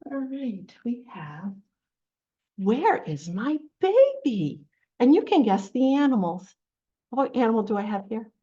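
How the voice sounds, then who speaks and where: A woman running a children's storytime, reading a picture book and coaxing the kids to join in with a lively, sing-song manner. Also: a little high, normal speed, lo-fi sound. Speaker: children's librarian.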